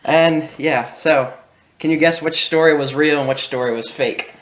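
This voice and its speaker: Taking it slowly in a slightly high voice, a young adult man hosting his channel's casual video recounts childhood stories. He's animated, laughs along, and performs the voices of the people he quotes.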